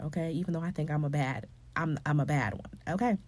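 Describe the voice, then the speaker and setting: A woman talking earnestly to other women about faith and love, coaching them. She shifts between hushed, breathy passages and loud, emphatic outbursts. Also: deep voice, fast talker, few pauses, no echo. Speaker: faith and relationship speaker. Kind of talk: motivational faith talk to women.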